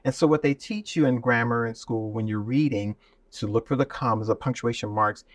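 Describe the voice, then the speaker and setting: A man's voice: medium pitch, fairly quick, dry recording, distant mic. Man teaching voice, bursts into song. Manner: demonstrative, shifts into singing to illustrate. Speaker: voice and speaking teacher. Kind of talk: explaining with sung and spoken examples.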